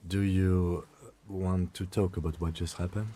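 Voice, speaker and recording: An actor voicing a composed police lieutenant in a video game, speaking in a measured, formal way. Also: male voice, deep voice, little pitch movement, dark tone, a little hiss or hum. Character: reserved middle-aged police lieutenant, composed.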